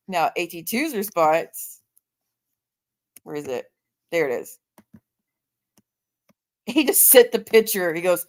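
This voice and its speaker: A woman's voice: lowish voice, sing-song, slow, pauses often, darkish tone. Chatty woman hosting a livestream. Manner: chatty, reads viewer comments aloud. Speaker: livestream host. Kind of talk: casual livestream chat.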